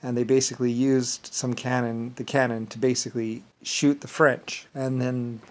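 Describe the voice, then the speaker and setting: A man telling a story in a rambling casual monologue, full of halting restarts and repeated filler words. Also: medium pitch, little pitch movement, poor audio.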